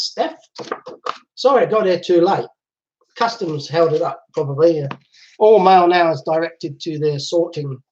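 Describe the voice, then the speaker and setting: A man's voice: on the high side, a little mellow. A man hosting a casual live chat from home, chatting and laughing easily as he reads out viewer comments. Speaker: livestream host. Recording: dull lo-fi livestream audio.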